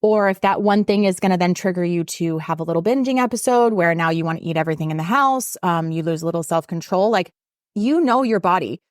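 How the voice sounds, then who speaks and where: A woman fitness coach talks fast on her own podcast, casual and emphatic, her pitch jumping up whenever she gets fired up. The recording is dry with clean studio sound.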